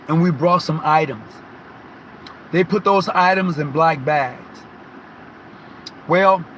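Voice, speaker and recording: A man giving an informal motivational talk to fellow lodge members, telling a personal story emphatically, repeating words and often clearing his throat. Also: high voice, sharp tone, a little hiss or hum, low-quality recording. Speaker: Masonic lodge speaker.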